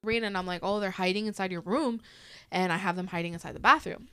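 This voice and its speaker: A woman's voice: medium pitch, fast, a bit bright, clean tone. A woman in her thirties telling a story in casual chat. She swears freely and acts out the voices of the people in it. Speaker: podcast host.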